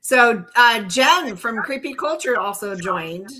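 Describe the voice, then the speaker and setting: Co-host, female, bright and leisurely, laughs easily, reads chat aloud. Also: a little high, lively intonation, slow, rough recording. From North Carolina. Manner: giggly, upbeat, reads chat comments aloud. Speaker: podcast co-host. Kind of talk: casual chat.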